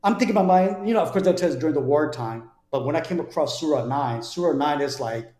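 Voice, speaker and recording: A man's voice: fairly high pitch, fast talker, darkish tone. A man from New Jersey, a guest telling his conversion story in an earnest, conversational way, often repeating words as he restarts. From New Jersey, USA. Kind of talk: conversational personal testimony. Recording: roomy echo.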